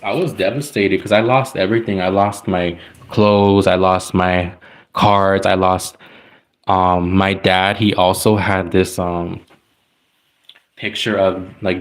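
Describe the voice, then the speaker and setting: A man telling a personal story in casual, rambling talk, full of likes and restarts. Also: sits low. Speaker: tarot reader.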